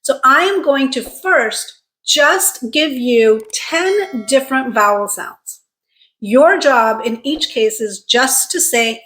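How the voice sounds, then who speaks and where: A woman with a somewhat high voice leads a pronunciation lesson. She talks straight to her viewers in an encouraging, clear way and slows down to stretch out the sounds she models. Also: lively intonation, fairly bright tone. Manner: clear, deliberate teaching with drawn-out model sounds; encouraging, direct address to viewers. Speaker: accent coach.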